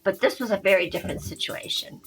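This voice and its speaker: A woman's voice: medium pitch, fast talker, fairly bright tone, soft background music, low-quality recording. A woman psychic medium, a podcast guest, telling a story animatedly and acting out the quoted dialogue.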